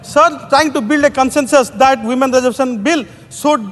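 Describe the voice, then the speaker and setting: Formal man with Indian accent, high-pitched. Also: normal speed, fairly bright tone, slight background noise. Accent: Indian English. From Odisha, India. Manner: formal, peppers every phrase with "sir". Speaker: member of parliament. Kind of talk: parliamentary speech. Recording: long reverb of a large chamber.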